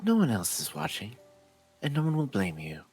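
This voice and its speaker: A woman voicing a gentle, courtly young man who speaks softly and formally to comfort someone. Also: extremely low pitch, wildly swooping pitch, moderate pace, slightly rough, faint music behind, voice pushed down, heavily acted. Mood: soothing. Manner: formal, soft-spoken and reassuring. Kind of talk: voicing a visual novel character on stream.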